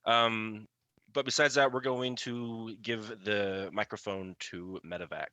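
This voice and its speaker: An excitable man chatting as a player in a tabletop game, often halting mid-sentence. His voice is bright and forceful, and the recording is dry and close. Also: fairly low pitch, dry recording. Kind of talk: casual chat.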